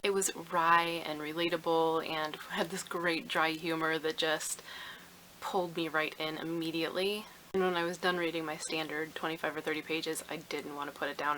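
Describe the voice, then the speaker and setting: A woman's voice: low voice, pushed and bright, a little hiss or hum, rough recording. A woman giving a chatty, enthusiastic book review in a casual vlog.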